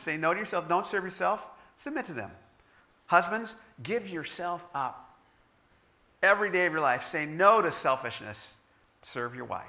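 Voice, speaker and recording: Man preaching, higher voice, very bright, animated and jokey, middle-aged. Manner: animated storytelling with self-deprecating humor. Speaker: pastor. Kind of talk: sermon.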